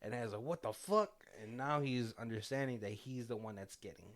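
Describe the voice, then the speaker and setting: Male podcast host, casual recap delivery, quotes the dialogue, average pitch. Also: fast talker. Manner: retells scenes with quoted lines and frequent laughs. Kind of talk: casual movie commentary chat.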